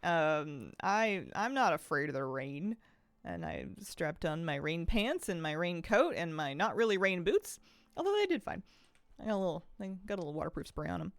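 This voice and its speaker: Lowish woman streamer w a slight lisp, rambling chatty gaming talk, dry close sound. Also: big pitch swings, a little fast, vocal fry, no echo. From Pacific Northwest of the US. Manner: rambling and chatty, with frequent sighs and soft laughs. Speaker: game streamer. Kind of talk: casual chat while gaming.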